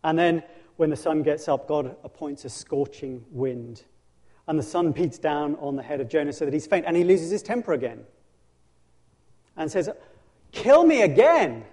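A man preaching a sermon in animated storytelling, dramatizing scripture with frequent restarts. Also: a little high, moderate pace. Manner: frequent restarts and self-corrections. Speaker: pastor.

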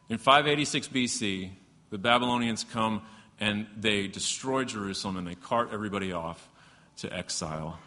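A man with a fairly low voice preaches a sermon. He reads scripture aloud with emphatic rises and talks casually between passages. His voice rings with the long reverb of a large hall. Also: fairly bright tone. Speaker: pastor.

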